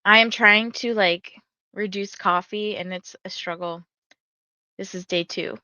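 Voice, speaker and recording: A woman's voice: medium pitch, steady tone, measured pace, pushed and bright, smooth, no room sound. A woman hosting a reading livestream, chatting casually and rambling with lots of "like", a little tired, and reading viewer comments aloud. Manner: chatty and rambling, heavy use of "like". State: tired and yawning. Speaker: readathon livestream host.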